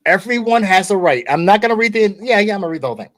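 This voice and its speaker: A man's voice: sits high, lively intonation, very fast. Chatty American man hosting a podcast. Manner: conversational, repeats and restarts, frequent "okay?" asides. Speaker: podcast host. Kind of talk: casual podcast discussion.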